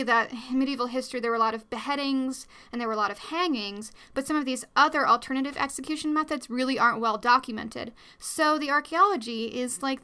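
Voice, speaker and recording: Young woman, podcast host, chatty and rambling, bright, slightly high voice, close studio mic. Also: smooth. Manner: chatty, rambling, giggly, with many fillers. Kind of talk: casual solo podcast chat. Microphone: new studio microphone.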